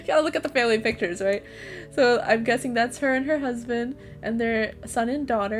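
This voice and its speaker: Excitable woman streamer over game music. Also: fairly high pitch, fairly quick. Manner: excitable, gasping, swears freely. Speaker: gaming streamer. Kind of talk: let's-play commentary.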